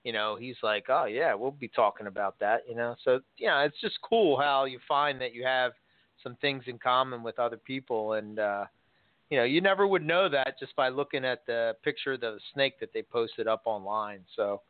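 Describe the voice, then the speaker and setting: A man's voice: mid-range voice, normal speed, no room sound. A man hosting a casual chat in an easygoing, rambling way. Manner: easygoing, many "you know" fillers. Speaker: host. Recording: dry tinny phone-like line.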